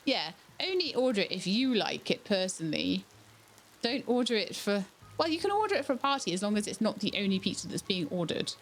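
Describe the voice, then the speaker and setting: A woman casually commenting as she plays a farming game, chatty and thinking aloud as she goes. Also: medium pitch. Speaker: game streamer. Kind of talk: casual let's-play commentary.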